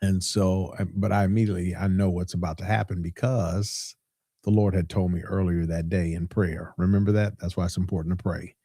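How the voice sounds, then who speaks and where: Low and level, fairly quick, with a dark tone and a breathy edge, this middle-aged man's voice comes through clean studio audio with no room sound. As a pastor on his podcast, he tells a story casually, preaching and circling back to repeat key points.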